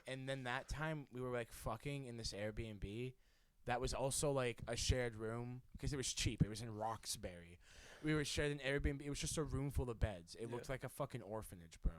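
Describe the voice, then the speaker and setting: A man's voice: mid-range voice, a bit bright, no room sound. A young man co-hosting a podcast, telling a rambling, swear-heavy story in casual chat and laughing often. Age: young adult. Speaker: podcast co-host.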